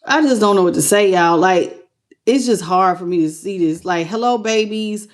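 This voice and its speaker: Woman tarot reader on a livestream, emotional and colloquial, mid pitch. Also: normal speed. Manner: emotional, greets viewers by name, colloquial. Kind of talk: live tarot reading.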